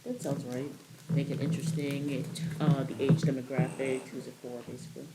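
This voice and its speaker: A guest on a casual podcast, speaking briefly and laid-back. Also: female voice, rumbling low, little pitch movement, a little fast, very noisy. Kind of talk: casual group chat.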